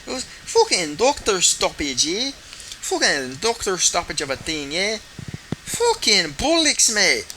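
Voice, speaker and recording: A man putting on an Irish accent to play a brash, swearing fighter with a drawn-out, profane manner. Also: high voice, big pitch swings, pushed and bright, slight background noise, pitched above the performer's own voice, full character voice. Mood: mocking outrage.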